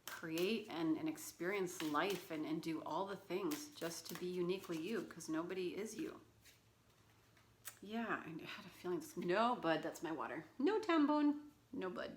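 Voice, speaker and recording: Low-voiced woman chatting through a tarot reading. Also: slight background noise. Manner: chatty, rambling, full of fillers and asides; talks baby talk to her cat. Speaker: tarot reader. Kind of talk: casual tarot reading vlog.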